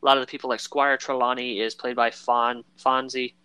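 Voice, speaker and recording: A man's voice: medium pitch, little pitch movement, brisk, pushed and bright, clear, resonant tone, dry recording. A man co-hosting a casual chat about a film, rambling with lots of fillers and acting out quoted lines in voices. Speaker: podcast co-host.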